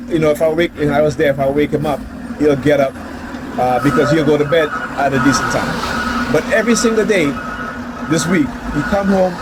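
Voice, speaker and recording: A man's voice: a little high, noisy background. A man vlogging from his car in a casual, heated rant, rambling and repeating "you know" and "right?".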